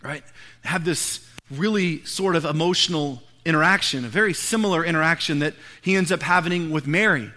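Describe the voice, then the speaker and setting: A man delivers a sermon. He retells a scripture story as casual, conversational storytelling, in a bright and forceful voice that sits high for a man. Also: normal speed. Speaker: pastor.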